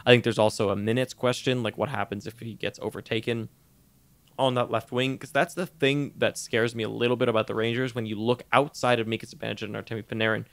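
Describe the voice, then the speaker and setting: A man co-hosting a podcast in casual sports chat, animated, laughing often and tripping over his words. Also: mid-range voice, fast talker, vocal fry, no echo. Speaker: podcast co-host.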